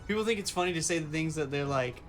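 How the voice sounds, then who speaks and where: A young man with a somewhat high voice chats casually while a video game plays. He tells anecdotes and acts out what other people said. Soft game music runs faintly behind him. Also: fast talker. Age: young adult. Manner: chatty, tells retail customer anecdotes with acted-out quotes. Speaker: gaming co-host. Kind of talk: casual chat while gaming.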